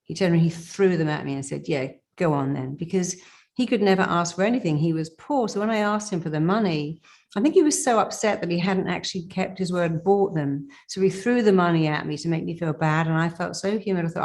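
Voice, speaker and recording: A woman's voice: fairly low pitch, a little fast, a little mellow. A middle-aged woman, a therapist, leading a guided self-help exercise in an emphatic, commanding way, with phrases repeated for listeners to say back.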